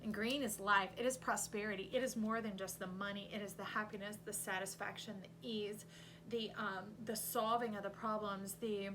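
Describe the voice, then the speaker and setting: A woman at an ordinary middle pitch talks through a tarot spread like a coach, urging the listener on. Now and then she breaks into loud, emphatic bursts. A faint hum sits under the recording. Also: moderate pace. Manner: animated, coaching, voices the cards with sudden loud outbursts. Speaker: intuitive tarot reader. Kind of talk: tarot reading monologue.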